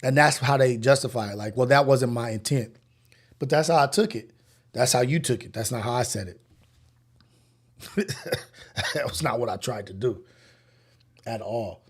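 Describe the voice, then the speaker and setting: A man's voice: mid-range voice, brisk, breathy edge. Man musing aloud in casual slang. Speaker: podcast host. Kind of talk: casual livestream commentary.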